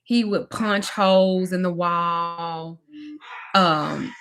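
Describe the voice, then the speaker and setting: A woman's voice: on the low side, extremely slow, smooth. Brief: female life coach, frank and emphatic, casual storytelling delivery. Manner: candid, emphatic, swings from animated to drained. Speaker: spiritual teacher and life coach. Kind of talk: personal storytelling in a teaching talk.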